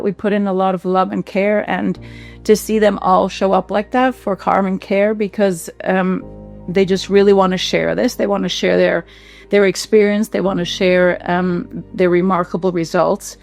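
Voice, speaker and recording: A woman who founded a clinic, giving a heartfelt, emotional testimonial with halting fillers and repeats. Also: mid-range voice, flat delivery, gravelly, darkish tone, soft background music.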